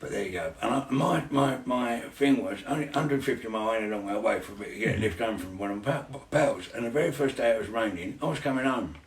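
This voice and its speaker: A man's voice: lowish voice, fast talker, few pauses. A middle-aged man telling stories in casual chat, swearing constantly and laughing through them. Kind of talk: casual storytelling. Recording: echoey room, mic at a distance.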